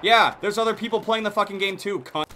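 Man yelling over gunfire commentary. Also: high-pitched, quick pace, slight background noise. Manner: profane, excitable, yelps and laughs at plays. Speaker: gaming YouTuber. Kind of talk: live gameplay commentary. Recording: game gunfire behind the voice. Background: gunfire and game sounds.

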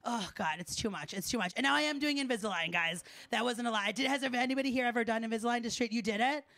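A young woman doing a stand-up set, loud and chatty with the audience. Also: a little high, fast, dry recording. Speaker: stand-up comedian. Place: live show in front of an audience.

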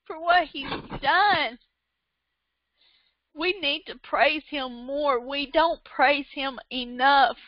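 A woman's voice: high voice, slow pace, pauses often, no echo, lo-fi sound. A woman preaching a sermon with fervent, emotional delivery, often breaking into repeated praises.

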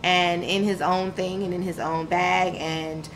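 Frank New woman, bright voice. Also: fairly low pitch, flat delivery, unhurried, slight background noise, poor audio. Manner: frank and emphatic, slangy, vivid retelling with quoted dialogue. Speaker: podcast guest. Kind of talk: candid personal storytelling.

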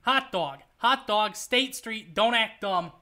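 A man voicing a brash, goofy male game character, loud and full of silly catchphrases. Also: sits high, slow, heavily acted. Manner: shouty, jokey catchphrases.

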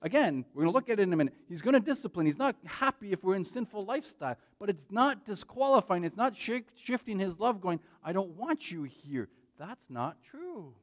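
Male pastor, slightly high voice, lively conversational sermon delivery. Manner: animated, frequent "right?" tag questions. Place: church.

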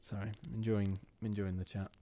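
A man's voice: lowish voice, level tone, normal speed, warm tone, a little hiss or hum. A man hosting a live ghost story reading, chatting casually with his viewers between passages in a self-deprecating way.

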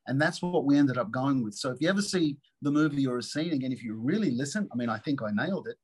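Husky-voiced man telling animated stories. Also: mid-range voice, fast, hardly any pauses, poor audio. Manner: animated storyteller, acts out quotes. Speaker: actor guest. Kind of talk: casual interview storytelling.

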